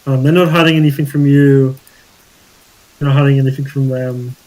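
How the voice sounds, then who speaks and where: A man narrating a tabletop game as game master over an online call, relaxed and plain. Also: mid-range voice, fairly quick, low-quality recording.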